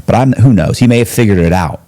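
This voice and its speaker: A man's voice: on the low side, lively intonation, fast talker, mellow. A middle-aged man telling a long story as an interview guest, rambling and slangy, with frequent restarts and swearing.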